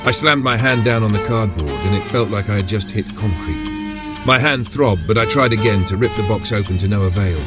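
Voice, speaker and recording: A man narrating a horror story in the first person in a steady, measured way. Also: on the low side. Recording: background music under voice.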